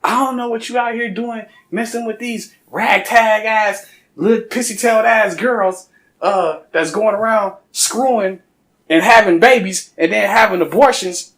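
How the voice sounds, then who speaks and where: A man voicing a blunt, scolding grandmother in her older years, sharp-tongued and without a filter. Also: extremely high pitch, big pitch swings, normal speed, reverberant, voice pushed up, exaggerated voice.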